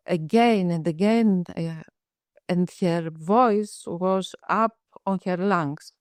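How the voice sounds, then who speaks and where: Slow, measured woman psychiatrist telling a case. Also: medium pitch, a little mellow, no room sound, clean studio sound. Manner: slow, measured storytelling with frequent restarts. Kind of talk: case presentation in a webinar. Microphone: video call.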